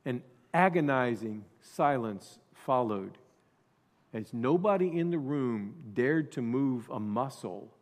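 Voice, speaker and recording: A male pastor preaching a sermon, dropping to quiet asides and then rising to loud emphasis. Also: mid-range voice, animated, takes it slowly, big-room sound.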